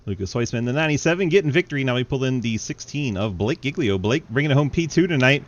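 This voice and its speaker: A young man calling an online sim race on a headset, excitable and quick to laugh, then chatting casually with the drivers. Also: mid-range voice, dull audio. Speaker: race commentator and host. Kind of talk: sim racing play-by-play commentary.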